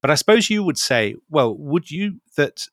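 A man's voice: on the high side, very animated, moderate pace, fairly bright tone, no echo, studio quality. A man co-hosting a podcast in casual chat, teasing his partner and asking probing follow-up questions. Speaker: podcast co-host.

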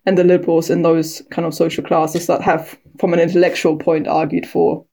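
A woman's voice: low-pitched, level tone, brisk, gravelly, dark tone. A woman, a guest historian and author, explaining at length in long winding sentences in a conversation. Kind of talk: expert conversation.

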